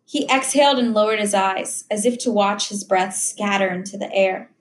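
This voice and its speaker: A woman narrating an audiobook in a steady, measured reading voice. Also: mid-range voice, slight background noise. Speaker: audiobook reader. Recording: roomy echo.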